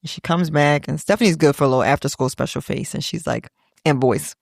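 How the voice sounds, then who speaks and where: Creaky-voiced woman telling a personal story. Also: deep voice, a little fast, no echo, clean studio sound. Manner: reflective, quotes family members in little voices. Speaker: podcast host.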